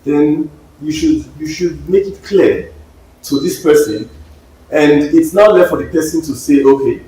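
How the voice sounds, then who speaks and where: A man on a podcast panel, speaking in a measured, deliberate way. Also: on the high side, warm tone. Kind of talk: casual debate. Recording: echoey room, distant mic, faint noise.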